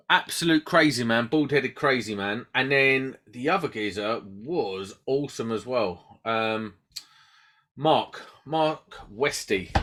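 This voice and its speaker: A man's voice: medium pitch, bright, forceful tone. A man hosting a trade podcast in chatty, joking banter. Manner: chatty, banter-filled, rambling with restarts. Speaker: podcast host. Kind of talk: casual podcast chat.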